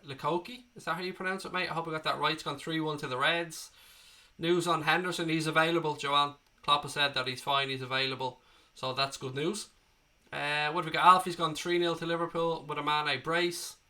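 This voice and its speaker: A man's voice: a little high, bright, forceful tone. Chatty Irish man with a cold. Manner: chatty, swears freely, calls viewers mate. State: has a cold. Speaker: livestream host reading chat. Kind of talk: casual live chat.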